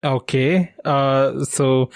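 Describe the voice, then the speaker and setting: A man co-hosting a trivia podcast, chatty and quick to laugh, who thinks out loud with many restarts. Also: medium pitch, fairly even intonation, no echo, studio quality. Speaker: quiz podcast co-host. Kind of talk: casual quiz podcast chat.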